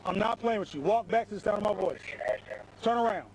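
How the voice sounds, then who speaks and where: A male state trooper, shouting repeated forceful commands at a traffic stop. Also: high-pitched, a little fast, a crowd in the background. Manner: forceful, repetitive barked orders. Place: outdoors at a roadside traffic stop. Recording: noisy roadside police camera audio.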